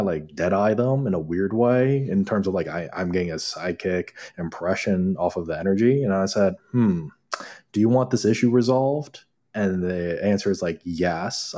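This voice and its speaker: A man with a very low, deep voice speaks as a guest acupuncturist. He tells clinic stories in a loose, conversational way. He animates them by acting out the lines of the people he quotes. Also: slightly rough. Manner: animated, acts out quoted dialogue. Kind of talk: casual storytelling conversation.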